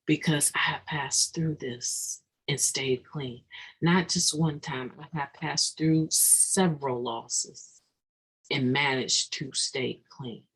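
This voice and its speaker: Poor audio captures a steady, mid-range voice that's husky and a bit bright. It belongs to a recovery meeting speaker giving an earnest, reflective daily meditation talk, stopping and starting mid-thought with sudden emphatic bursts.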